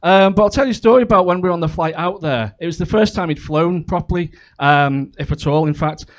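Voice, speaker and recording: A man's voice: fairly high pitch, fast talker. A man performing a crude, chatty stand-up comedy set, full of ums and asides. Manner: chatty, crude, with frequent fillers.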